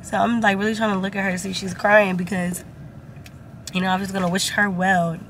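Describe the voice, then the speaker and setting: A woman's voice: mid-range voice, flat delivery, a little fast, low-quality recording. A young woman chatting casually to her viewers while riding in a car, loose and laughing as she tells stories. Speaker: vlogger. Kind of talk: casual chat to camera. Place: in a car on the road. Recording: loud vehicle noise behind voice.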